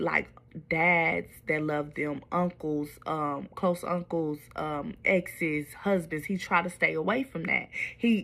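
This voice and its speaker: A woman's voice: deep voice, a bit bright. A woman telling a personal storytime to her viewers, candid and confiding, with wandering asides.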